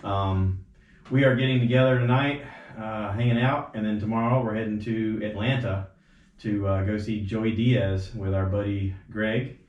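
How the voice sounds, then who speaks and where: In a casual podcast chat, a male host with a fairly low pitch talks at a moderate pace. He's a rambling storyteller who quotes others by suddenly jumping his voice in animated ways. It sounds recorded at home, roomy and a bit dull.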